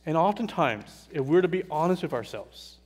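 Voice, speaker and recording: A man with a fairly high voice preaches with slow, earnest emphasis, his voice going quiet on the hardest words. He stands in a church, and a long hall reverb trails behind each phrase. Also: lively intonation, slightly rough. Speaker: pastor. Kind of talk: sermon. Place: church sanctuary.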